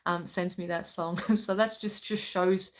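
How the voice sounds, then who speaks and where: Speaking with a fairly low pitch, a steady tone, and measured pacing, a woman hosting a spiritual channel offers her viewers an emotional talk. She's earnest and passionate, repeatedly asking "okay?"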